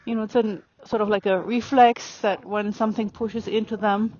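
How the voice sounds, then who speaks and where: A woman riding a horse and calmly explaining her training as she goes, pausing to speak softly to the horse. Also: mid-range voice, slight background noise. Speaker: riding instructor. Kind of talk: narrating while riding. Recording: dry, dull lo-fi sound.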